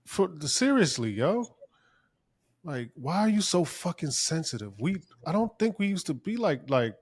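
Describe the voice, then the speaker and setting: A man's voice: fairly high pitch, very animated, unhurried, a little mellow, breathy edge. A man co-hosting a podcast, talking casually and ranting profanely, his voice climbing when he gets worked up. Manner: profane, heated rant. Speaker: podcast co-host.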